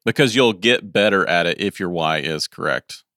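A man's voice: sits low, lively intonation, normal speed, bright, forceful tone, no room sound, studio quality. A man on a podcast talking in a confident, emphatic way. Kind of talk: casual podcast conversation.

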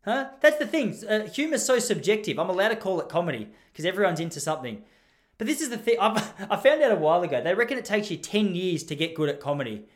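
A young man hosting a comedy podcast, telling stories in an animated way, laughing often and slipping into quoted voices. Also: sits high, fast. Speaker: podcast host and school teacher. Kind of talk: comedic storytelling monologue.

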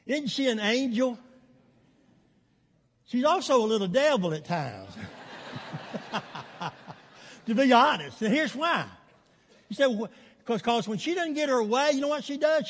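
An older man, preaching a sermon as pastor, telling stories in an animated way and chuckling between lines. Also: extremely high pitch, in a large hall.

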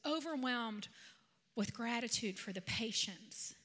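Woman preacher in her 50s, bright tone, conversational sermon delivery. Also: fairly high pitch, takes it slowly. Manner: conversational, animated storytelling with asides. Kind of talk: sermon with personal storytelling.

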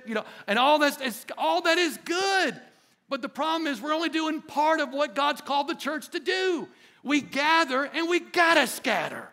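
A man with a high, gravelly voice preaches a sermon, and his tone stays bright and sharp. He leads the room in call-and-response and swells to emphatic, ringing peaks. A lilt colors his words. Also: lively intonation, normal speed. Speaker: pastor.

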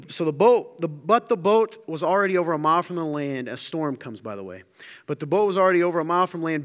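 Animated preacher in a reverberant hall. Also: male voice, high-pitched. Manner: animated storytelling, acts out quotes. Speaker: pastor. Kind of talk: sermon.

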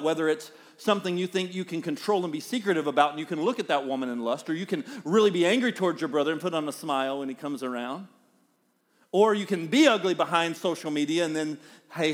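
A middle-aged man with a Southern US accent preaching a sermon as pastor, with animated swings in pitch and loudness. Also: quick pace.

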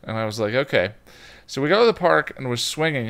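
A young man co-hosting a podcast, rambling through anecdotes in casual chat and sometimes jumping into a squeaky voice to play a toddler. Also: lively intonation, fairly quick, gravelly, a bit bright. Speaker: podcast co-host.

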